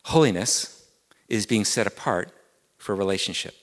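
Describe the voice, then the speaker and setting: A man's voice: lowish voice, moderate pace, big-room sound. A man with an English accent preaching a sermon as pastor, earnest and repeating key words, climbing to emphatic peaks.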